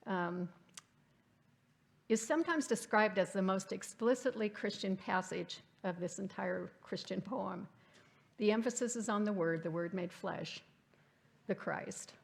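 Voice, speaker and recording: A woman's voice: medium pitch, vocal fry. A woman giving a reflective literary lecture at a church forum, reading passages aloud and asking the audience questions. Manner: reflective, reads quotes aloud. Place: church hall.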